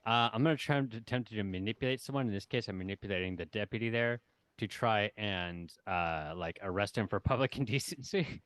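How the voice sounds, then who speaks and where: A man playing a tabletop game, casually explaining the rules and halting with restarts. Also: lowish voice, a bit bright, smooth, dry recording. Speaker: player.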